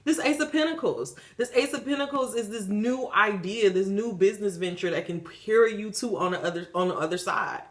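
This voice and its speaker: A woman delivers a spiritual tarot reading in a loose, emphatic monologue. She preaches more than she chats, swears without hesitation and circles back to the same phrases to drive them home. Her voice sits at an ordinary middle pitch. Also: brisk, few pauses. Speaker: tarot reader.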